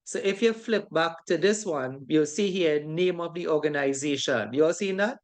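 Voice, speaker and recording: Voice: mid-range voice, normal speed. A course instructor giving an informal online class lecture. The instructor keeps checking in with a tag question and repeats key phrases for emphasis. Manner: informal, conversational teaching.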